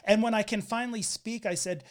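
High-voiced man telling candid stories. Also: fairly even intonation, brisk, clear, resonant tone. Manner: candid, wry storytelling with quoted voices. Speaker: podcast host. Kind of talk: casual podcast conversation.

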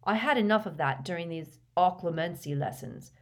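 A woman's voice: lowish voice, moderate pace, natural voice. A woman voicing a fuming teenage boy wizard in an audiobook reading, speaking in a heated, indignant way.

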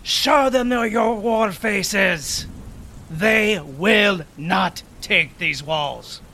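A man voicing Dante, a male warrior who rallies troops boldly and turns earnest and halting. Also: sits high, pitched above the performer's own voice, exaggerated voice. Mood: defiant. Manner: bold rallying yells, then hesitant, earnest asides. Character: male Italian-tinged warrior rallying troops.

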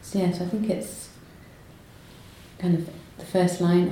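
A woman poet talking in an interview, hesitant with many pauses and restarts, then reading her own poems aloud. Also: lowish voice, fairly even intonation, dark tone. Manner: hesitant, lots of ums and restarts when talking. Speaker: poet guest. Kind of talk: conversational interview and poetry reading. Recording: roomy echo, faint noise.

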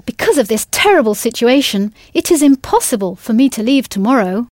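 Woman teacher, slightly high voice, patient and upbeat, dry close studio sound. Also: very animated, a little fast, a little mellow, no echo. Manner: patient, encouraging, spells words letter by letter. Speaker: language teacher. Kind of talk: scripted audio language lesson.

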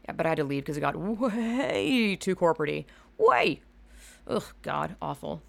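A woman from Georgia, hosting her own podcast in a rambling, profane, self-mocking way, animated and loud. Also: sits low, normal speed, vocal fry. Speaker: podcast host. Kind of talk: casual solo podcast monologue.

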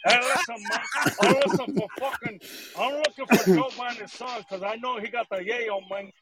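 A man's voice: extremely high pitch, moderate pace, over a noisy crowd. A man putting on a swaggering gangster drug lord, swearing and saying "man" after every line. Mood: menacing. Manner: tough-guy swagger, swears constantly, says "man".

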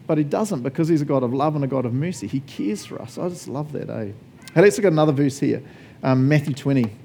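Chatty man preaching with a mellow voice. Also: on the high side, expressive, quick pace, gravelly, slight background noise. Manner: conversational, laughs often, asks the congregation questions. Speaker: pastor. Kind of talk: sermon.

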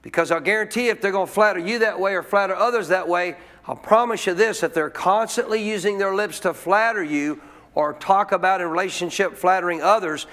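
In a church sermon, a man whose voice is notably high and a bit bright speaks fairly quickly, stressing each point forcefully. Questions to the congregation come often, and he repeats key lines to let them land.

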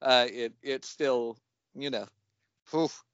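Male podcast co-host, animated storyteller, bright voice, dry and lo-fi sound. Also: mid-range voice, slow, clear, resonant tone, no room sound. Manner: animated, laughs often. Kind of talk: casual chat, storytelling. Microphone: remote call mic.

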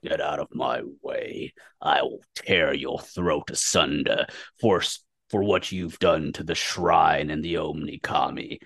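A man's voice: rumbling low, unhurried, creaky, fairly bright tone, no room sound, clean studio sound, pitched below the performer's own voice, full character voice. A man voicing a snarling, vengeful male beast warrior in a tabletop game, growling and menacing. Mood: threatening.

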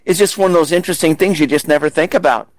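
A man hosting a podcast, asking curious questions and reacting with quick interjections. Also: a little high, poor audio. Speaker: podcast host.

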